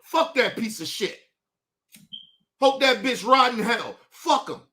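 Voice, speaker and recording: A male show host giving a heated, profane commentary rant, swinging from low muttering to shouting. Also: expressive, slow.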